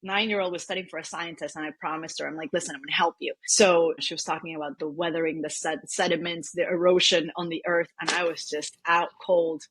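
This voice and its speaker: A woman's voice: lowish voice, fairly even intonation, fairly quick, few pauses, slightly rough, no echo. A woman from Venezuela, an optometrist in her thirties or forties, telling personal stories in an interview with lots of "you know" fillers. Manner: warm, rambling, many "you know" fillers. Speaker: optometrist and practice owner, guest. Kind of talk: emotional personal storytelling in an interview.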